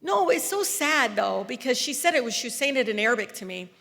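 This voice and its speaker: A woman, giving an impassioned political speech from a podium, rising to loud, emphatic peaks. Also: on the high side, sing-song, fairly quick, vocal fry. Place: large hall. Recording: long reverb of a large hall.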